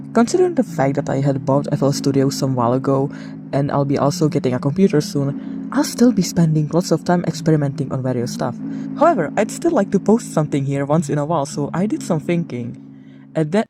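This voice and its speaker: A creator with a raspy voice and a fever, chatting casually in a devlog, rambling and self-deprecating, with restarts and coughs. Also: medium pitch. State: has a fever.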